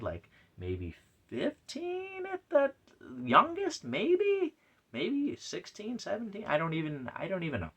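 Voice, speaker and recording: A man talking through a comic review podcast on his own, rambling along with plenty of fillers and false starts. His voice is bright and clear, and his pitch moves around a lot as he goes. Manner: rambling, chatty, many fillers and restarts; reads out messages with playful put-on voices. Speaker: podcast host. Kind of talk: casual solo comic review chat.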